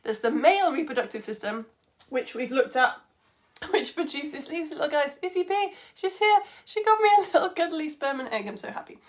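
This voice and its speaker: A woman's voice: high-pitched, animated, normal speed. Bubbly chatty woman science teacher. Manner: chatty, bubbly, greets viewers by name. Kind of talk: live online lesson for children.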